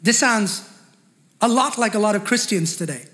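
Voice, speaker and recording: A man's voice: high voice, normal speed, bright, forceful tone. A male pastor preaching a fervent sermon with call-and-response, in a large church hall. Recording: long hall reverb.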